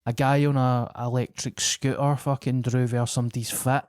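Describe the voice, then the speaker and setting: A Scottish comedian tells a rowdy story in relaxed, swear-heavy podcast chat, jumping into the voices of the people in it. His voice sits at a middle pitch for a man. The sound is close and dry, with no room echo. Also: fairly quick, clean tone. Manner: animated, swearing, acting out quoted locals. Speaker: guest comedian.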